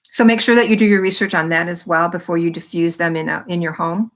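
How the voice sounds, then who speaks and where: Woman coaching viewers on calming. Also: fairly low pitch, fast. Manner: friendly, encouraging, direct address to viewers. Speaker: wellness coach. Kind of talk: casual talk to camera.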